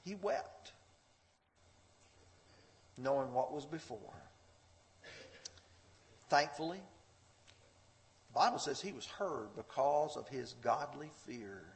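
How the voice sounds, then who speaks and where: A man's voice: mid-range voice, expressive, takes it slowly, long pauses. A man preaching a sermon, earnest and fervent, reading scripture with rising intensity. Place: church sanctuary. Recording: long hall reverb.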